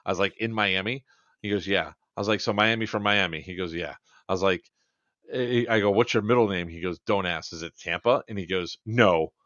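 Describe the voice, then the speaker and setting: A man's voice: deep voice, fairly quick, no echo, highs cut off. A man co-hosting a podcast, telling a long funny story in a casual chat and quoting people back and forth. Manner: animated anecdote-telling, quoting others in dialogue. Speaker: podcast co-host.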